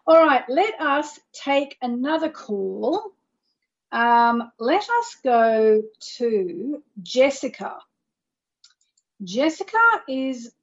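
A woman's voice: on the high side, husky, lo-fi sound. A woman hosting a call-in show, guiding listeners through a meditation and chatting with callers in a soothing, chatty way. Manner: soothing and chatty, leads chants. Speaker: radio show host and astrologer. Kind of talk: guided meditation and call-in chat. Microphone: plain microphone without reverb.

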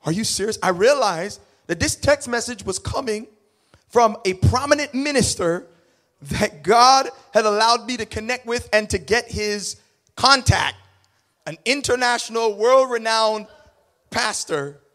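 A middle-aged man preaching, telling a story in a dramatic, animated way that swings between quiet asides and loud bursts. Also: extremely high pitch, unhurried. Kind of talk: sermon storytelling.

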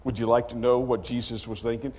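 A man preaching a sermon as a dramatic story, acting out the characters with sudden loud outbursts. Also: mid-range voice, level tone, fairly quick, slightly rough, in a large hall.

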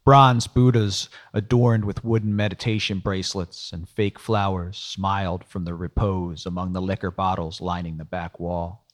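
A man's voice: low voice, flat delivery, normal speed. A man giving wry, world-weary first-person noir audiobook narration.

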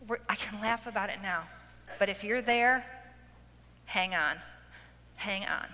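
Bright-voiced woman preaching in a reverberant hall. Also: mid-range voice, measured pace, long pauses. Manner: animated storytelling with acted-out quotes. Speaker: speaker at a women's event. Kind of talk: testimony sermon.

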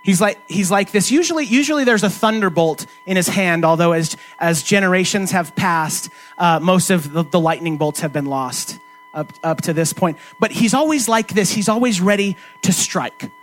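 High-voiced man preaching conversationally. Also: expressive, moderate pace, fairly bright tone, soft background music. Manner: conversational preaching with frequent restarts and rhetorical questions. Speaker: pastor. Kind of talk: sermon.

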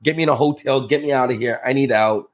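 A man telling a story as a podcast guest, acting out the people in it with lively jumps in his voice. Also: fast. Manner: animated, acts out quotes with big pitch jumps. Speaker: podcast guest, real estate investor. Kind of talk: casual storytelling in conversation.

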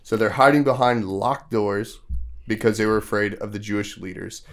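A man's voice: fairly low pitch, normal speed. Man casually telling children a story. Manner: casual, asks the kids questions; loose storytelling with many fillers. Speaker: podcast host. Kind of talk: retelling a Bible story to children.

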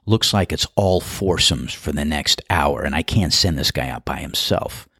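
A gruff, clipped golf starter of few words, as a man puts him on, low and husky. He delivers everything flat and to the point, recorded dry and close. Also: moderate pace, dry recording, full character voice. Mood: matter-of-fact. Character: terse middle-aged male golf starter.

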